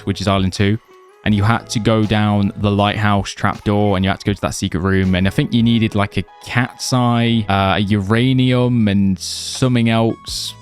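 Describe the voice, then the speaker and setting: A young man talks through a game guide in a relaxed, rambling way, leaning on fillers like "like" and "you know." His voice sits on the lower side and sounds slightly worn, as if he is losing it. Soft game music plays faintly underneath. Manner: chatty, loose, many fillers like "like" and "you know". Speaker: gaming video creator. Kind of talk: casual gameplay guide commentary.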